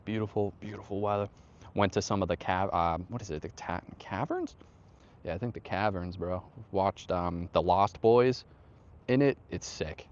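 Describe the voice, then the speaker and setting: Low-voiced laid-back young streamer. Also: male voice, normal speed, lo-fi sound. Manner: laid-back slangy, greets chat. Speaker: livestream host. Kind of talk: casual livestream chat. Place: outdoors. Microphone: phone on tripod.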